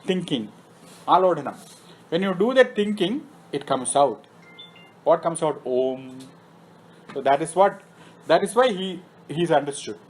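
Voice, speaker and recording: The audio is poor, but this man's somewhat high voice is expressive, measured, and full of frequent pauses. Giving a scripture lecture on Vedic philosophy in a temple meeting room, he recites Sanskrit words, then explains them, regularly posing and answering his own questions.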